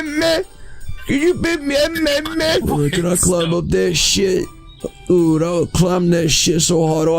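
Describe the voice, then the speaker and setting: Creaky-voiced joking male streamer. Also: fairly high pitch, darkish tone. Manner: rambling, joking, constantly saying bro. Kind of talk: casual livestream chat in a social game.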